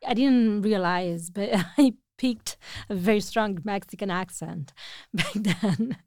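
In a mid-range, slightly mellow voice at a slow pace, this language teacher from Italy, a native Italian speaker, tells stories conversationally. The recording is dry and studio-clean; she chats freely, laughs a lot, and fills and restarts her sentences often.

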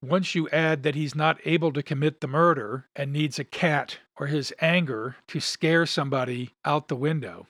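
A man hosting a podcast, giving measured, thoughtful commentary on film history and reading passages aloud. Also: a little high, fairly bright tone, no echo, studio quality. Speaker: podcast host.

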